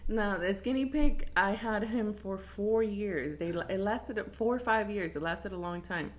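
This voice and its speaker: A woman telling a story in a relaxed podcast conversation. She talks casually and gets animated as she goes, her voice leaping up into squeals when she acts out what she said. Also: medium pitch, unhurried.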